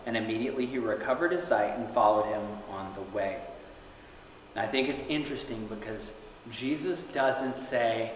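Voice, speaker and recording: A young man gives an earnest sermon. His voice rings through a very echoey hall with a long reverb tail, and faint room noise sits under it. He moves between steady teaching and loud, raised cries as he acts out the scripture. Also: medium pitch, normal speed. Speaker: preacher.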